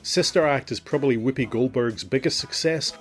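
A middle-aged man from Northern Ireland hosting his own show, reading a scripted personal account in a measured, reflective way. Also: mid-range voice, soft background music. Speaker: podcast host.

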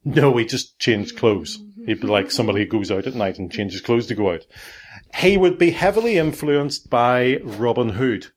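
With an expressive, mid-range voice at a moderate pace, a middle-aged man hosts a relaxed family podcast. He wanders from point to point, jokes along the way, and keeps correcting himself.

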